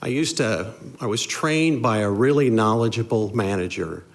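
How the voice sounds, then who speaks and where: Measured low-voiced man at a meeting podium. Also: gravelly. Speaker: public commenter. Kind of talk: prepared public comment. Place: city council chamber.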